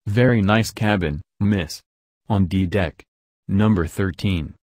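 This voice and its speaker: A man's voice: deep voice, slow pace, darkish tone, dry recording, clean studio sound. A man voicing a polite ship steward. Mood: obliging. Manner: deferential, calls her miss. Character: obliging male ship steward, polite and helpful.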